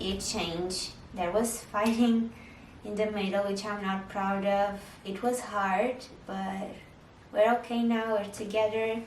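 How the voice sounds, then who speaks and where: Young mom vlogger, echoey room. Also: female voice, medium pitch, distant mic, a little hiss or hum. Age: young adult. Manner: candid, chatty, with frequent "like" fillers. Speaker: vlogger answering viewer questions. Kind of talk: casual Q&A chat.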